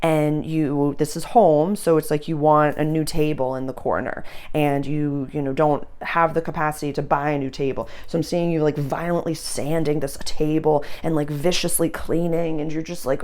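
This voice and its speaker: A woman's voice: sits low, fairly even intonation, moderate pace, few pauses, darkish tone. A woman astrologer giving a casual, chatty reading for the signs, loose and full of fillers.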